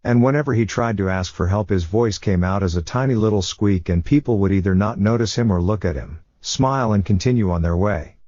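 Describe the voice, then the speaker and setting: A low-voiced man narrating a fiction story at a steady pace. The recording is dull and lo-fi, with a dry, close sound. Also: brisk, few pauses, no room sound.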